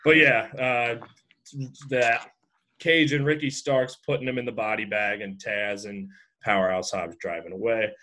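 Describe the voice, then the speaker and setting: A man's voice: fairly low pitch, steady tone, a little slow, sharp tone. Man recapping a show, rambling. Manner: rambling, many fillers and restarts. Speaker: podcast co-host. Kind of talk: casual recap chat.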